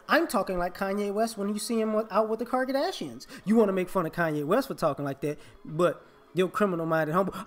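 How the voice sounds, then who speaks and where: A man's voice: sits high, fairly quick, faint music behind. A man, delivering an emphatic, confrontational opinion monologue as a vlogger.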